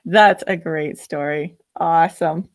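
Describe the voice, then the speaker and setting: A woman's voice: low voice, steady tone, slow. A woman co-host of a writing podcast, chatting casually and moving on to listener questions. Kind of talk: casual interview chat.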